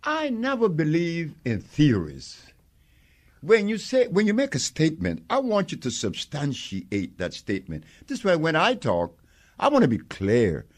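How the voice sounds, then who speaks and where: Animated older man telling emphatic stories. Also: fairly high pitch, a little slow. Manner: animated storyteller acting out quoted exchanges, emphatic, laughs often. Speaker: interviewee, herbal healer. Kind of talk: conversational interview storytelling.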